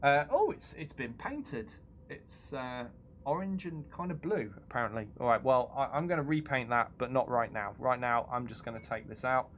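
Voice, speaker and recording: A man's voice: mid-range voice, expressive, moderate pace, a bit bright, slight background noise. Joking man streaming a game. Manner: joking, stammering, laughing often. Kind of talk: casual live-stream commentary.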